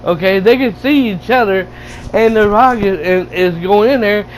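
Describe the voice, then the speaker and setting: A man casually retelling a movie, excited and laughing, with lots of stumbling restarts and swearing. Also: high-pitched, normal speed, slight background noise, low-quality recording. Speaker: gaming channel host reviewing a movie. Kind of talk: casual rambling movie recap.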